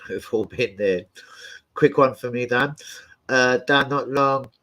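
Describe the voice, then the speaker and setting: A young football fan channel host takes it slowly in a medium-pitched voice, though the audio is poor. His casual storytelling is rowdy and animated, full of swearing, yelps and laughs.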